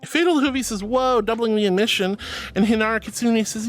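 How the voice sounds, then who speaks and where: A woman's voice: mid-range voice, expressive, fast, soft background music. A woman streamer reading her live chat aloud in a playful, teasing way, calling viewers darling and honey.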